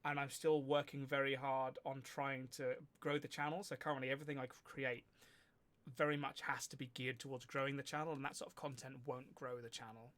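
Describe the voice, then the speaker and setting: A man's voice: medium pitch, flat delivery, fairly quick, fairly bright tone. A young man hosting a livestream, chatting casually with frequent restarts. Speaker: livestream host. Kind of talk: casual stream chat.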